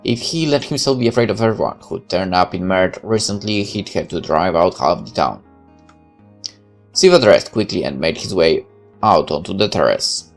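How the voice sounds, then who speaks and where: A man with a very low, gravelly voice narrates a visual novel aloud. He reads steadily and now and then drops a casual aside. Quiet music plays in the background. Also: expressive, normal speed.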